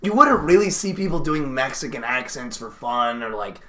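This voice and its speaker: A man's voice: medium pitch, very animated, moderate pace, sharp tone. A young man co-hosting a podcast, rambling in casual banter with lots of "like" fillers and frequent laughs. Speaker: podcast co-host.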